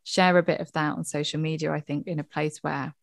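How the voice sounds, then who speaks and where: A woman's voice: deep voice, flat delivery, a little fast, vocal fry, no echo, studio quality. A woman, a therapist and mother, talking candidly and earnestly in a reflective podcast conversation, often saying "you know".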